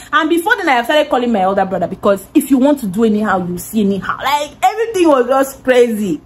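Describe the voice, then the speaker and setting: A young woman with a Nigerian accent telling an animated storytime vlog, laughing and swearing as she goes. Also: high voice, fast, hardly any pauses, slight background noise. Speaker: vlogger.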